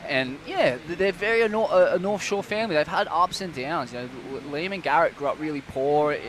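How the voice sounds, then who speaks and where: A man's voice: on the high side, expressive, a little fast, a bit bright, slight background noise. A young man commentating a surf event, laid-back and rambling, calling people mate. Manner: laid-back, rambling, many fillers and restarts, says mate. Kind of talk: casual chat. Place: outdoors at a beach event.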